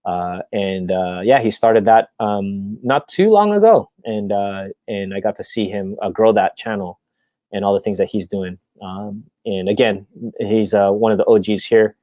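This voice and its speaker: A man hosting his own live stream, chatting casually and excitedly, rambling with lots of fillers and restarts. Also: fairly low pitch, unhurried, dry recording.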